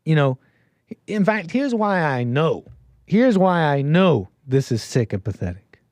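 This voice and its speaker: A man hosting a talk show, giving sarcastic, mocking commentary on a clip with animated asides. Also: fairly high pitch, unhurried, dry recording. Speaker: show host.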